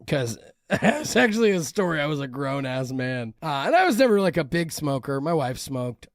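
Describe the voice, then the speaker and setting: Lively, profane man in his forties. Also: a little high, normal speed, no echo, studio quality. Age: 40s. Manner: animated, profane storyteller. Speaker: podcast co-host. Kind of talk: casual chat.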